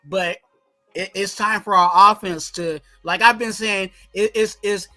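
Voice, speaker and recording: High, bright-voiced man talking sports. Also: steady tone, measured pace, no echo, soft background music, poor audio. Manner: rambling, repeats "you know what I'm saying". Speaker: co-host. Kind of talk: casual sports talk.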